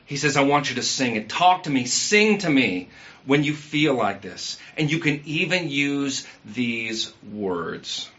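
A man's voice: medium pitch, expressive, a little slow, a bit bright, muffled recording. A man preaching a sermon in a conversational way, asking the congregation questions and using everyday fillers. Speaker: pastor.

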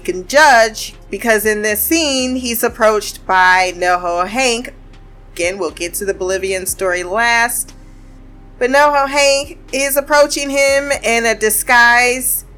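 A woman's voice: medium pitch, a bit bright. Woman, casual episode recap, chatty, laughs a lot, faint music underneath. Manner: chatty, laughs often, acts out quoted lines.

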